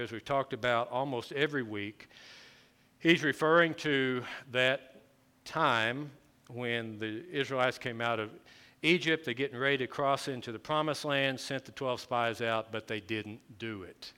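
A man's voice: medium pitch, measured pace, sharp tone, clear, resonant tone. A man preaching a conversational sermon, often restarting his phrases as he explains the scripture. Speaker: pastor.

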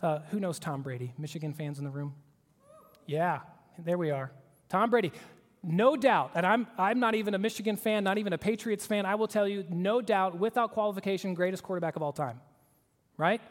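A pastor delivers an earnest, emphatic sermon. His voice sits high for a man, and he often drops to a hushed, grave tone. The sound carries the long reverb of a large church hall. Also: a little fast. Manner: earnest, emphatic preaching with shifts to hushed tones.

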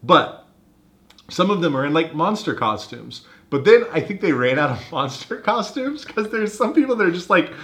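Giggly podcast guest with a bouncy voice. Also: male voice, a little high, very animated, normal speed, fairly bright tone. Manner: giggly, amused. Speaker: podcast co-host. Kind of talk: casual movie-review podcast chat.

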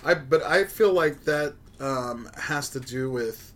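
A man's voice: mid-range voice, slow pace, a bit bright. A young man hosting a casual podcast chat, blunt and teasing, swearing freely. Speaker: podcast host.

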